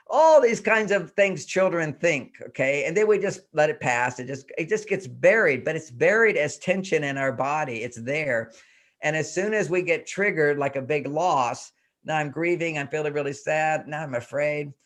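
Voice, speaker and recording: On a talk show, an older male relationship expert speaks earnestly in a fairly high, expressive voice with a slightly bright tone and an ordinary pace. Firing rhetorical questions at himself one after another, he performs the inner voices as he explains.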